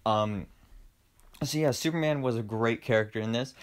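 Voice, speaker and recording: A young man casually reviewing an animated film, enthusiastic and rambling, with lots of fillers and restarts. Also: mid-range voice, moderate pace. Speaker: movie reviewer.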